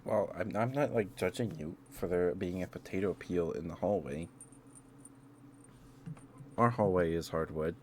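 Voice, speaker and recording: Low-voiced man rambling casually. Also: a little slow, pauses often, a little hiss or hum. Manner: rambling, self-interrupting, chuckling. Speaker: ASMR streamer.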